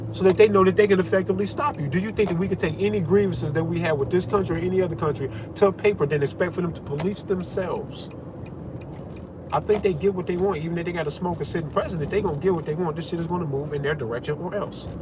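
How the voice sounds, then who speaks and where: A fairly high-voiced man vents to his viewers in a confrontational, expletive-filled rant. He pushes his points hard and challenges the audience directly. Faint vehicle noise hums in the background. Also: fast talker. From United States. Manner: heated, confrontational, heavy swearing. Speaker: channel host. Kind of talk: profane political rant to camera.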